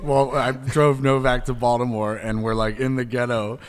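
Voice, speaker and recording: A man's voice: medium pitch, normal speed. A man telling wild stories in a casual chat, laughing and acting out the people he quotes. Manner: laughing, animated, acts out quoted voices. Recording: hall reverb.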